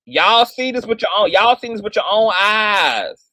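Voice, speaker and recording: A man's voice: high-pitched, animated, unhurried, pushed and bright, no echo. A man hosting livestream commentary in a sassy, theatrical way, peppered with "girl" and "child". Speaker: commentary channel host.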